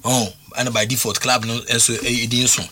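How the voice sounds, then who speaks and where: A man's voice: mid-range voice, little pitch movement, brisk, crowd noise. A man talking football as a pundit, emphatic and full of restarts and repeated words. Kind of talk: animated radio sports talk.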